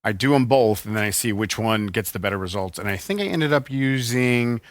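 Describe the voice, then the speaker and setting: A man's voice: on the low side, animated, brisk, dry recording. A man co-hosting a podcast in casual chat, teasing and joking with his partner. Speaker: podcast co-host.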